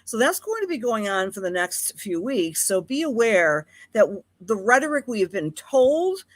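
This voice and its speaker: Speaking in a sing-song, medium-pitched voice at normal speed, a woman hosts a chatty, affectionate astrology livestream and calls out viewers by name. She's from Buffalo, New York, with the local Western New York accent, and the recording has no room sound.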